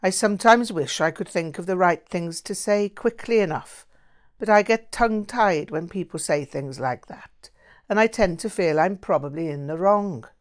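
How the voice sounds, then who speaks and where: A woman's voice: lowish voice, moderate pace, close to an everyday voice. A woman reading the lines of a shy young man in an audiobook, sounding hesitant and self-doubting. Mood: unsure.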